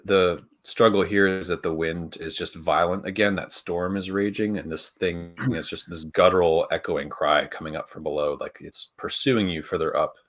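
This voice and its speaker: A man's voice: low-pitched, fairly bright tone. A man narrating a tabletop role-playing game as game master, searching for words with many restarts and fillers.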